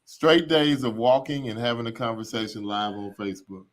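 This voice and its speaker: Male podcast host, casual chat, easygoing, mid-pitched voice. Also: normal speed.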